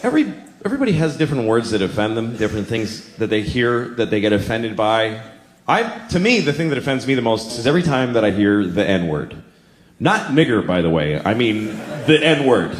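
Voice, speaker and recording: A man performing a stand-up routine, moving from calm talk about parenting into indignant, loud rants. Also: on the low side, brisk. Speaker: stand-up comedian. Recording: echoey live club sound. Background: audience laughter.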